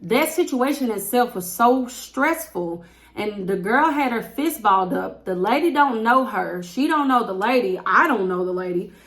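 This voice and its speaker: Black woman venting a teacher story, gravelly edge, big exasperated outbursts. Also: a little high, moderate pace. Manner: animated storytelling, acting out quotes with exasperated outbursts. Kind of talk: casual storytime vlog.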